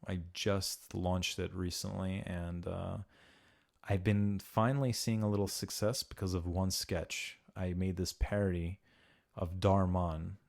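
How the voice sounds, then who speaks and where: A man's voice: deep voice, fairly even intonation, measured pace, gravelly, a little mellow. A man hosting a podcast, chatting casually and profanely, acting out quoted voices as he talks. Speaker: podcast host.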